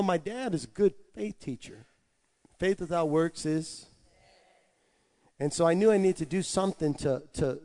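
A man preaching a personal testimony, telling it animatedly with stammered restarts and swinging from hushed asides to loud excited shouts. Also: sits high. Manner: animated storytelling with stammered restarts and made-up tongue syllables. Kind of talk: testimony sermon.

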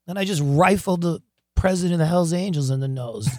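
A man telling wild stories in an interview, excitable and profane, stammering, laughing often and breaking into loud shouts. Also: high voice, normal speed, dry recording, clean studio sound. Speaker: guest, rock singer. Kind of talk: animated storytelling in an interview.

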